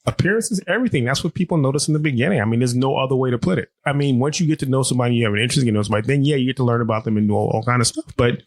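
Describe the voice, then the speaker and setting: A man's voice: medium pitch, rapid-fire, few pauses, no room sound. A middle-aged man co-hosting a podcast from a living room love seat, bantering loosely with lots of laughter and profanity, close to the mic. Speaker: podcast co-host. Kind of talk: casual chat. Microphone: close studio mic.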